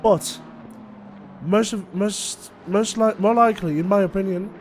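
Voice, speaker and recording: A high-voiced man calls a sim race live, breaking down lap times and strategy in a chatty, analytical way. He laughs easily along the way. Loud race car noise runs behind him. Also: measured pace. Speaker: race commentator. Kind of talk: live sim racing commentary.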